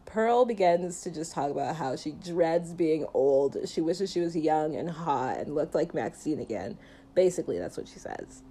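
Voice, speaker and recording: A woman casually recapping a horror film, chatty and animated with jokey asides. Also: sits low, moderate pace, slightly rough. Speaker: film reviewer.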